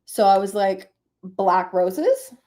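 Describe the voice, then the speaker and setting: A woman's voice: medium pitch, lively intonation, takes it slowly, mellow. Chatty sleepy woman streamer. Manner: chatty, laughs often, thinks aloud. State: sleepy, yawning. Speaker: streamer hosting reading sprints. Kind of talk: casual live-stream chat.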